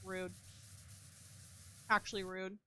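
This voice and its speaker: A woman's voice: mid-range voice, flat delivery, slow pace, sharp tone, no echo. A young woman streaming a game and chatting casually, talking freely, swearing, and answering her chat. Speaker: gaming streamer.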